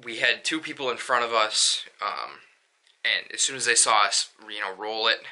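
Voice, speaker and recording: Bright-voiced young man rambling a story. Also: fairly low pitch, moderate pace. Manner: rambling, lots of fillers and restarts. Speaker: vlogger. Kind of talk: casual storytelling vlog.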